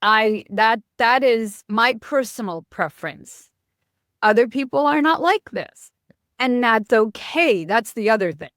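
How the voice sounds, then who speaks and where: Blunt, animated New York-born woman. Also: on the high side, a little slow, dry recording, studio quality. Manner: blunt, animated, self-interrupting. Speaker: interview guest, marketing expert. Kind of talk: casual podcast interview.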